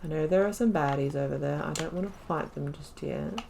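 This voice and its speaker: A woman's voice: deep voice, fairly quick, creaky, dark tone, slight background noise. A woman gamer giving casual let's play commentary, chatting and talking back to the characters on screen.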